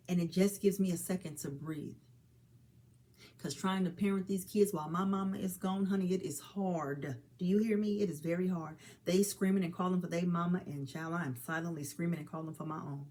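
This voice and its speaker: Woman in her forties, low-pitched, earnest and preachy direct address, warm "honey" asides. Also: a little fast. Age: 40s. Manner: earnest, preachy, calls listener honey and child. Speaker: mother speaking on suicide awareness. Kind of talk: heartfelt direct-to-camera talk.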